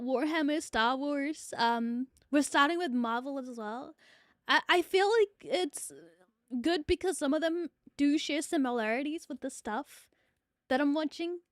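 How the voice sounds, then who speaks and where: A woman's voice: sits high, dry recording, studio quality. A young woman, chatting casually on a livestream and answering viewer comments in a rambling way. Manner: chatty, rambling, repeats phrases, swears casually. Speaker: VTuber streamer.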